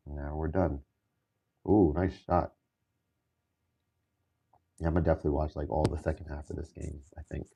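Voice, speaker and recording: A man livestreaming as a music producer, chatting casually and thinking aloud in a relaxed way while he adjusts his gear. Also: rumbling low, moderate pace, gravelly, long pauses.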